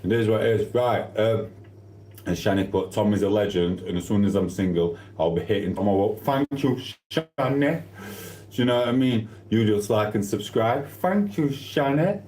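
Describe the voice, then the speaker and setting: A chatty livestreamer with a warm, lowish voice at normal speed reads out viewer comments while eating during a casual live-stream chat, in an echoey room.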